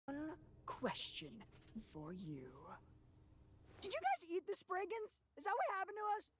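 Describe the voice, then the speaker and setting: A woman's voice: very high voice, wildly swooping pitch, measured pace, noisy background, exaggerated voice. A woman voicing a snarky, sarcastic young male swordsman. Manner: sarcastic, exasperated. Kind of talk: comedy parody voice acting.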